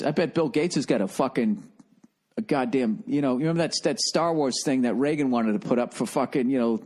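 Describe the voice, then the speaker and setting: A man's voice: medium pitch, a little mellow. A man hosting a comedy podcast, ranting in a profane, rambling monologue. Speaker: podcast host.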